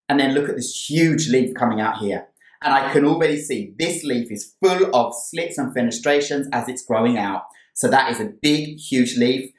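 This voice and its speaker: A man vlogging about a plant he bought, gushing and excited as he tells the story and shows it off. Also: medium pitch, moderate pace. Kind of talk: casual haul video. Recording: roomy sound from a distant mic.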